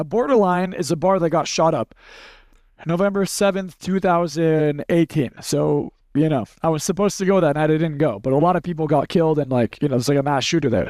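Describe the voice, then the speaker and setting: Man, high voice, dry close sound, casual seminar talk, blunt, swears, acts out stories. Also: darkish tone, no room sound. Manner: blunt, profane, storytelling with acted-out quotes. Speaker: speaker teaching a live audience.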